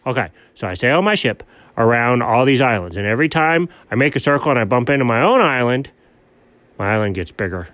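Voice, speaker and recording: A man's voice: expressive, fairly bright tone, dry recording, close to an everyday voice. A man voicing a dreamy, self-important dog who calls himself an admiral in a comedy sketch. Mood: pompous. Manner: low, slow, grandly self-important. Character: dreamy, pompous male dog posing as a sea admiral. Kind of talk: comedic two-character sketch.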